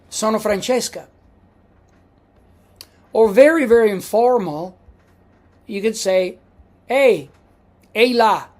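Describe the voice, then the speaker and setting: A woman's voice: mid-range voice, a little mellow. A woman giving a classroom lecture as a language teacher, patiently repeating each example.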